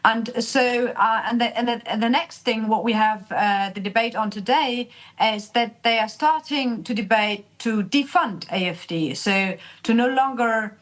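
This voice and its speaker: German-accented woman, higher voice. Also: measured pace, hardly any pauses, poor audio. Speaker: politician guest. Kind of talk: remote interview.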